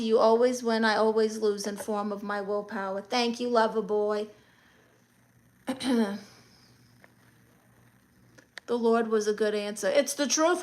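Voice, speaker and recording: A woman's voice: on the high side, a bit bright. A woman from Brooklyn with a New York accent, casually chatting on a livestream and reading viewer comments in a sassy, teasing way. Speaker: livestream host.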